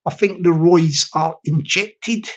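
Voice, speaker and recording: A man's voice: on the high side, takes it slowly. A man from the UK with a British accent, hosting a live stream in rambling banter, repeating phrases and chuckling often. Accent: British English. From United Kingdom. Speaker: livestream host. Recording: dull lo-fi stream audio.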